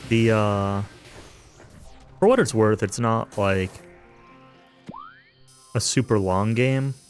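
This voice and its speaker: Taking it slowly, a man with a lowish voice streams a casual let's-play, game music playing underneath. His commentary rambles with many fillers and hedges, spiked now and then by dry, self-aware sarcasm.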